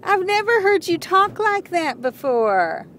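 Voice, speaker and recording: Very high-voiced woman cooing to her dog. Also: big pitch swings, unhurried, a bit bright. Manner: soothing, cooing baby talk to a pet. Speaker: dog owner. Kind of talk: home video, talking to her dog. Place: inside a car. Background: faint car hum and a whining dog.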